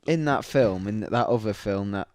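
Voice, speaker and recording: A man co-hosting a podcast, cracking crude jokes and quick comebacks in casual chat. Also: lowish voice, a little mellow, no echo, clean studio sound. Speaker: podcast co-host.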